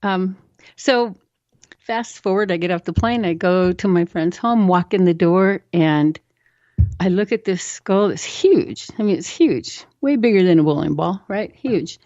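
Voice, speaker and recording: A woman guest tells a personal story on a talk show, slipping into other people's voices as she goes. Her voice is low and mellow and sits dry and close. The recording is slightly dull and lo-fi. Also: a little slow, dry recording. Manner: animated storyteller who acts out quoted voices. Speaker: interview guest. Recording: dull, lo-fi sound.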